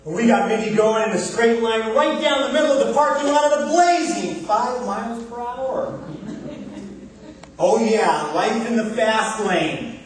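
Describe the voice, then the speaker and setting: A man giving a humorous contest speech on stage, telling a comic story with timed pauses before the punchlines. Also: very high voice, expressive, slight background noise. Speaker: contest speaker. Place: large hall, live stage. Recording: echoey hall from far off.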